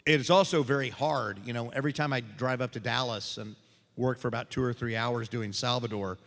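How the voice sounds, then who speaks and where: A man's voice: mid-range voice, fairly quick, gravelly. A man telling jokey stories and taking audience questions at a convention panel, acting out the voices in his stories. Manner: animated, joking storyteller who acts out quoted voices. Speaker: voice actor convention panel guest. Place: convention panel room on a stage. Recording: reverberant hall.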